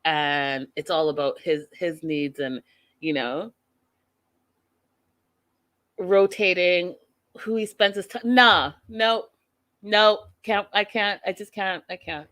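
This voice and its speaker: A woman with a lowish voice hosts a reality TV recap, blunt and outspoken. Her tone is forceful and pressing as she drives her points home. The sound is dry and close to the mic. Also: slow pace, long pauses, no echo. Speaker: host of a reality TV recap show. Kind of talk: casual opinionated recap talk.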